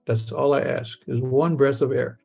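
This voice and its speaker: An older man recounts a personal experience in the present tense. He stammers and repeats words. His voice is gravelly and husky, and faint music plays softly underneath. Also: medium pitch, steady tone, normal speed. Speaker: near-death experience storyteller.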